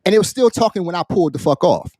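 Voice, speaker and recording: A man, a military veteran, on a podcast, casually telling a story in an animated, profane way and acting out the people in it. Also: high-pitched, quick pace, dry recording, clean studio sound. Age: adult, military veteran. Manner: animated, profane, acts out quoted voices. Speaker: podcast co-host.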